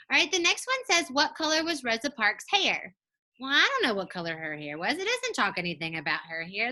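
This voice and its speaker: A woman teaching a second grade reading lesson on video, patient and encouraging, speaking clearly for young children. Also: on the high side, bright, forceful tone.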